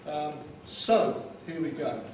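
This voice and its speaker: A man from London, fairly high-pitched with lively intonation, takes his time with a wedding speech built on wry jokes and punchlines. There's a little hiss or hum, and the distant mic picks up the reception hall's echo and loud ambience.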